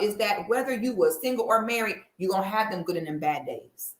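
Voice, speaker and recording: A woman's voice: mid-range voice, a little fast. Blunt, sassy woman in an echoey room. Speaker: commentary vlogger. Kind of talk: opinionated commentary.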